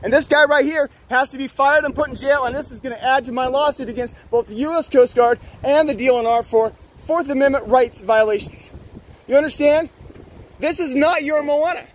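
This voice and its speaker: A man with a strikingly high voice berates officials at a harbor, angry and accusatory. He swears freely and talks over everyone. Faint wind noise sits under his voice. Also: fairly quick, rough recording. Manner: angry, accusatory, profane, shouting. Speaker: boat owner confronting officials. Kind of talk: heated confrontation, filmed. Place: outdoors at a harbor.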